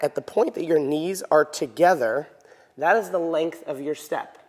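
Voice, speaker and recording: In an echoey hall, a man teaches a dance lesson at a normal speed, his voice a little high. He counts beats aloud and frequently checks in by asking "right?".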